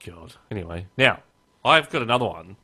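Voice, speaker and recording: A man with a fairly low voice hosts a laid-back podcast chat. He jokes easily and slips into playful voices when he reads things out. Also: normal speed. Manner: relaxed, joking, reads texts aloud in mock voices. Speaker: podcast host. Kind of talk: casual chat.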